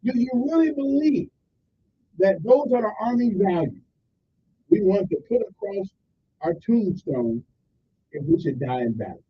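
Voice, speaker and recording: A man's voice: high-pitched, lively intonation, a little slow, pauses often, lo-fi sound, slight background noise. A male talk radio host giving indignant, emphatic opinion commentary on his call-in show.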